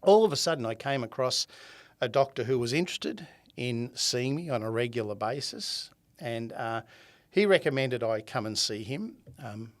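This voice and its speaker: A man's voice: mid-range voice, animated, moderate pace. A man in his seventies with an Australian accent, a podcast guest who tells his story with energy, acting out quoted dialogue and often laughing. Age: 70s. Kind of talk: conversational storytelling.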